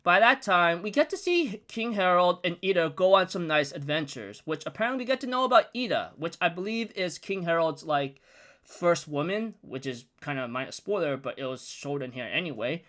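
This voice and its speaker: A man's voice: on the high side, expressive, a little fast, a bit bright. A young man giving a casual, rambling recap of a comic chapter, chatty and full of fillers. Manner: chatty, rambling storytelling with frequent "like". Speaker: manga recap vlogger.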